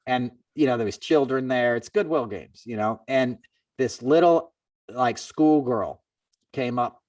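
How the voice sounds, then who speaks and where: A man hosting a podcast, telling a long story in a loose, chatty way. He jumps higher when he quotes others and sits a little back from the mic. The room sound is dry. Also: unhurried, no room sound, distant mic. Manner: animated, acts out quoted people in a raised voice. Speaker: podcast host. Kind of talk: casual storytelling chat.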